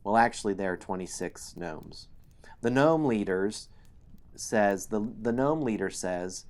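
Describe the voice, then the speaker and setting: A man hosting a solo tabletop game stream, narrating the story slowly and explaining the game sheets. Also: lowish voice, animated, darkish tone.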